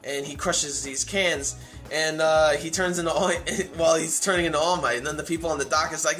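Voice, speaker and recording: A man with a somewhat high voice talks through an anime episode in a loose, casual recap. He rambles eagerly and restarts his sentences often, filling the gaps with "uh" and "like." Faint music plays quietly in the background. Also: steady tone, moderate pace. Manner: rambling, many fillers and restarts; enthusiastic. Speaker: anime reviewer.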